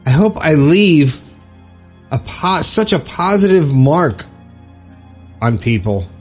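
A middle-aged man from Florida hosting a podcast, telling a personal story in a heartfelt, halting way with pauses and restarts. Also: medium pitch. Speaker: podcast host.

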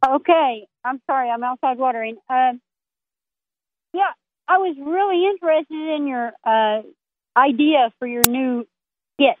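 A woman calling in to a talk show from her yard outdoors, hesitantly pitching a joke idea. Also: measured pace, long pauses, no room sound. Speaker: caller. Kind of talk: phone call-in. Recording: tinny phone line.

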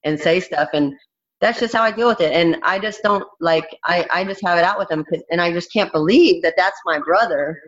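A woman's voice: on the low side, brisk, highs cut off. A woman fighter speaking bluntly and frankly in a candid interview, swearing freely.

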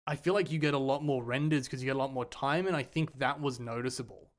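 A man's voice: mid-range voice, fairly even intonation, quick pace. An Australian man co-hosting a casual film review chat, enthusiastic and thinking aloud. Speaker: podcast co-host.

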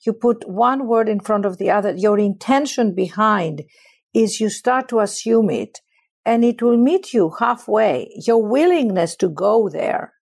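A woman's voice: mid-range voice, measured pace, vocal fry, slightly rough. A middle-aged woman from Greece with a Greek accent, telling stories passionately in an interview. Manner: passionate, expressive storyteller. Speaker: guest. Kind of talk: storytelling in conversation.

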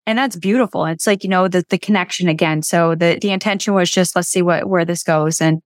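A woman's voice: lowish voice, brisk, dry recording, clean studio sound. A woman hosting a podcast interview, who talks in an earnest, reflective way and brings her faith into the conversation. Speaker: podcast host.

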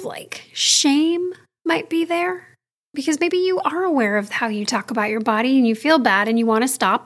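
A high-voiced woman in her thirties hosts her own podcast alone. She speaks candidly and chattily, straight to her listeners, as if confiding in friends. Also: fairly bright tone. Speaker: podcast host. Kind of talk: solo podcast monologue.

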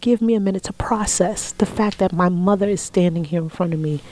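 A woman in her forties telling a personal story in an interview, heartfelt, often dropping to a soft whisper when quoting family. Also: fairly low pitch, brisk, a little hiss or hum, rough recording. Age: 40s. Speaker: interview guest.

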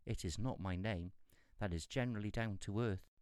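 A man's voice: lowish voice, moderate pace, a little mellow, clean tone, dry recording, studio quality, lightly acted. A man voicing a sly, gleeful little male devil in a storybook reading, with a mocking, sing-song manner. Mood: defeated.

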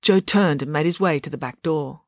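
A woman's voice: low-pitched, moderate pace, dry recording, studio quality. Woman reading a children's chapter book aloud. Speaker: storyteller.

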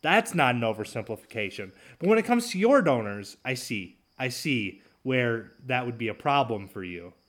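A man's voice: mid-range voice, big pitch swings, normal speed, few pauses, a bit bright. A man hosting his own talk show, ranting sarcastically and mocking his opponents. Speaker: podcast host. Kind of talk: solo talk show commentary.

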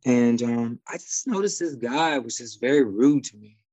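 A man's voice: mid-range voice, moderate pace, mellow, no room sound, rough recording. A man from Detroit with a slight Midwest twang, a guest talking casually and rambling with many fillers and restarts. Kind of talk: casual conversation.

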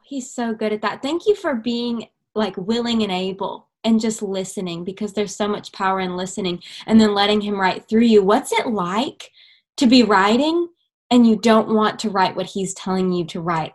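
A woman hosting a faith-based interview, affirming her guest and asking reflective questions. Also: medium pitch. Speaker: host.

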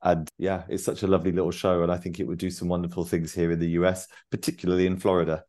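A man's voice: deep voice, level tone, quick pace, mellow. A man, a playwright guest on a podcast, chatting in a friendly way and spelling things out carefully. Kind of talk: casual interview chat.

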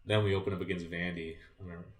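A young man with a very deep voice tells a story in a relaxed, rambling way, acting out his own past remarks. The sound is roomy with echo, and he sits well back from the mic. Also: rapid-fire. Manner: animated, acts out his own past remarks, many "like" fillers. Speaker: podcast guest, former college baseball player. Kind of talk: casual storytelling chat. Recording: echoey room, voice distant from mic.

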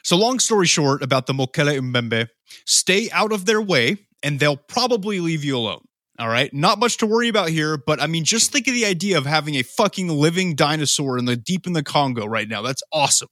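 A man's voice: fairly high pitch, lively intonation, fairly quick, a bit bright, dry recording, studio quality. A man co-hosting a podcast in casual, profane, joking chat, leading the conversation on the topic. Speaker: podcast co-host.

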